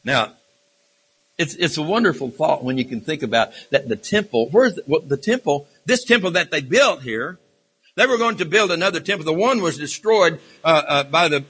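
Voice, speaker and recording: A man preaches a sermon in a high, bright, husky voice. He speaks with fervor but often stumbles and restarts his phrases. His voice rings out with a long echo through a church hall. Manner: impassioned, halting with repeated restarts and fillers. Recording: reverberant hall.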